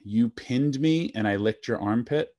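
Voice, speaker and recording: A man's voice: medium pitch, a little slow, darkish tone. A man hosting a podcast, reminiscing in casual chat with laughter. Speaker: podcast host.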